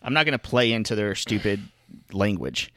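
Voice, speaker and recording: A man's voice: on the low side, sing-song, normal speed, a bit bright, no echo. A man co-hosting a podcast in casual chat, grumbling and rambling with lots of fillers and restarts. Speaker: podcast co-host.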